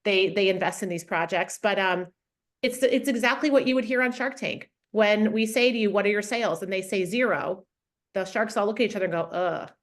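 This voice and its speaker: A frank, no-nonsense woman speaks in a casual interview, her voice at an ordinary middle pitch. She is blunt and full of fillers and restarts. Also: fairly quick. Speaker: interview guest, funding consultant.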